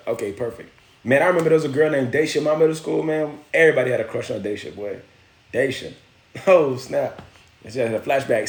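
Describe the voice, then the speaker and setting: A man's voice: mid-range voice, brisk. Slangy man livestreaming in a roomy echo. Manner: slangy, loose, greets viewers mid-story. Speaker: livestream host. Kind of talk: casual storytelling with viewer shout-outs.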